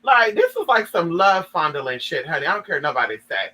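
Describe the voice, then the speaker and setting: A man's voice: on the high side, very animated, fairly quick, bright, forceful tone, rough recording. A man giving sassy, dramatic gossip commentary, reading a story aloud and reacting to it.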